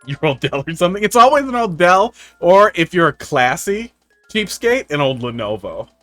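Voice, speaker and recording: Male game streamer, slightly high voice, wry rambling storyteller, light background music. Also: very animated, moderate pace, fairly bright tone, no echo. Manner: rambling, profane, wry tech anecdotes. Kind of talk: casual live-stream chat. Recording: faint music underneath.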